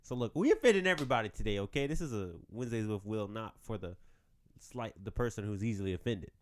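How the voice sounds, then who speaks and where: A man's voice: on the low side, lively intonation, fast. A man hosting a podcast on his own, joking and rambling in casual chat. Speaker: podcast host.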